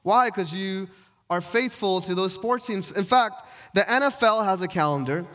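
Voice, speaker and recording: A man's voice: high voice, moderate pace, fairly bright tone. A pastor delivering a conversational sermon to his church, posing rhetorical questions as he teaches.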